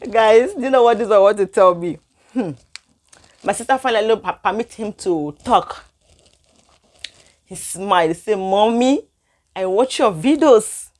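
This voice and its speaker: A young woman vlogger telling a personal story to her viewers in non-standard English, emotional and animated. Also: medium pitch, moderate pace, long pauses. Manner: animated, emotional retelling with frequent laughs and sighs.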